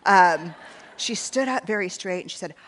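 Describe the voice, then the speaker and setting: A woman's voice: fairly low pitch, lively intonation, moderate pace, a bit bright. A woman in her forties with a Texan accent, telling a self-deprecating story in a conversational keynote talk and acting out bits of dialogue. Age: 40s. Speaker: researcher and speaker. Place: large hall on stage. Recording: reverberant hall.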